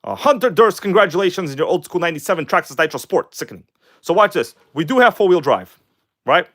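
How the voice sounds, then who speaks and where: Excitable man hosting a livestream, higher voice. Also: quick pace. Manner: excitable, chatty, greets viewers and reads chat aloud. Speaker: RC car livestream host. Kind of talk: casual live-stream chat.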